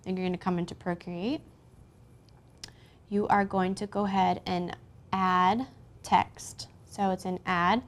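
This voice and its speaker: A woman's voice: on the low side, flat delivery, a little slow, pauses often. A woman hosting a casual drawing-app tutorial, talking through each step as she goes, with frequent ums and small asides. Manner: chatty, talks through each step with fillers. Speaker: craft tutorial host. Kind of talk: casual screen-recorded tutorial.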